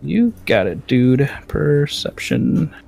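A man's voice: mid-range voice, very animated, slow, creaky, a little mellow, soft background music. A man playing a tabletop game, asking polite and careful questions. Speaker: player. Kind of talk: casual tabletop play.

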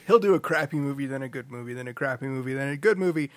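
A man's voice: medium pitch, racing, dry recording, clean studio sound. A man hosting a comic book podcast, joking and laughing often as he talks. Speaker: podcast host. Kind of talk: casual comedic chat.

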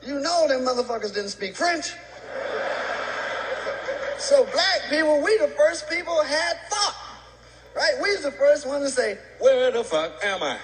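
Guy doing standup, high voice, swears a lot, noisy old clip. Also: lively intonation, unhurried, pauses often, reverberant. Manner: brash, profane storytelling. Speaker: stand-up comedian. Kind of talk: stand-up comedy routine.

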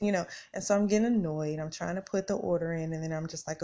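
A woman's voice: lowish voice, normal speed, creaky, few pauses, a little mellow. Chatty woman telling a story. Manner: chatty, addresses listeners directly, acts out her own reactions. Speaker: podcast host. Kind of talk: casual storytelling monologue.

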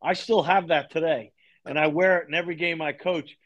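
A middle-aged man from Long Island tells long stories as a podcast guest, slipping into the voices of the people he quotes. His voice sits a little high for a man. The recording has a dull, lo-fi sound. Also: brisk. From Long Island, New York. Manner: animated storyteller, acts out quoted dialogue. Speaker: podcast guest, lacrosse coach. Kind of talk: storytelling in a podcast interview.

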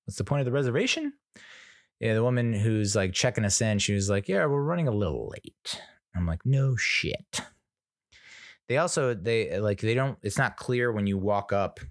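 A middle-aged podcast host with a fairly low voice talks a little fast in a studio-quality recording with no echo. His casual monologue is a rambling, exasperated story full of free swearing, and he acts out other people's lines.

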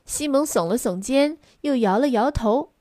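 A woman reading a children's story aloud in two languages, expressive and lively. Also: high voice, moderate pace, dry recording, studio quality.

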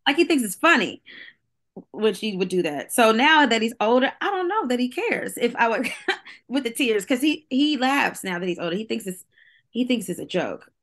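A woman's voice: fairly high pitch, very animated, normal speed, a bit bright. A middle-aged woman, a singer, talking candidly as a guest, chatty and full of "like" and restarts, laughing often. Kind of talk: candid casual chat.

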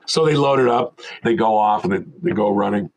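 A man's voice: lowish voice, brisk, low-quality recording. An older man, a veteran film sound mixer, telling stories casually as an interview guest and animatedly acting out the people in them. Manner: animated storyteller who acts out quoted voices.

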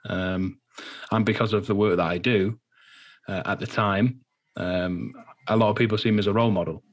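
Nervous guy telling his story in an interview, lots of ums and restarts, lowish voice. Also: steady tone. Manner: halting, earnest, many fillers and restarts. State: nervous, anxious while speaking. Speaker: guest. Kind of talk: personal interview testimony.

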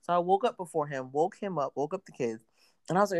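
A woman's voice: lowish voice, quick pace, dry recording, studio quality. A woman in her thirties chatting casually as a podcast co-host, telling stories and acting out quotes. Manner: animated storyteller acting out quotes. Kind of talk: casual chat.

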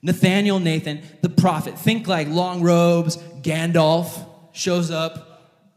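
A man preaching an animated, jokey sermon, addressing his audience directly as he tells a story. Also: a little high, takes it slowly. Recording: long hall reverb.

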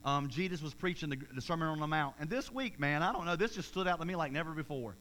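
A man, preaching a sermon in an energetic, emphatic way, with repeated phrases and restarts. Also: a little high, fast.

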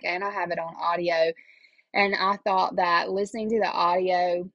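A woman's voice: on the low side, no room sound, muffled recording. A middle-aged woman, talking casually and emotionally as a podcast host, rambling from one thought to the next. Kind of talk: casual personal talk.

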